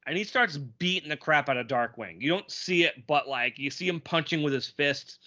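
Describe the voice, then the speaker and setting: Male podcast co-host, bright and a bit high, animated casual chat, dull lo-fi audio. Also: moderate pace. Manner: animated, quips and reads lines aloud.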